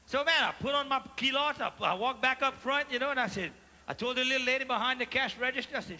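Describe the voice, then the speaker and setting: A man with a Cajun accent telling comic stories on stage, animated and mixing in French phrases as he asks the audience questions. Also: very high voice, fast talker. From Louisiana. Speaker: stand-up comedian. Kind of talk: live stand-up storytelling. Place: large theater stage before a live audience. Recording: live theater recording with hall reverb and faint ambience.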